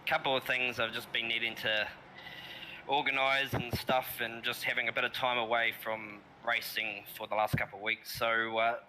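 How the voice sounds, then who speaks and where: A man with a New Zealand accent talks mid-race in a very bright, sharp-toned voice. He rambles easily through his race with fillers, relaxed and unhurried. Faint background noise sits under the line. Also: medium pitch, low-quality recording. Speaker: sim racing driver. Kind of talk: casual interview while racing.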